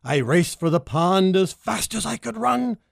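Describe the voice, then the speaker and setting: A woman reading a rhyming children's story aloud, expressive and sing-song. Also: unhurried, gravelly, no echo, clean studio sound. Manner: expressive, sing-song, big pitch leaps. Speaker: storybook reader.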